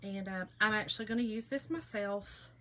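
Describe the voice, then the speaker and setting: A woman's voice: mid-range voice, moderate pace, fairly bright tone, slight background noise, poor audio. A middle-aged woman, hosting a casual craft livestream in a folksy, chatty way and greeting viewers by name.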